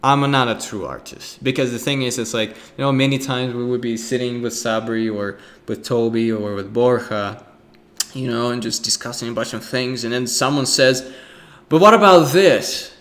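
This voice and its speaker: A man's voice: medium pitch, little pitch movement, normal speed, fairly bright tone. Rambling young man lecturing on art. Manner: rambling, filler-heavy, breaks into acted voices and sound effects. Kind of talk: casual recorded lecture.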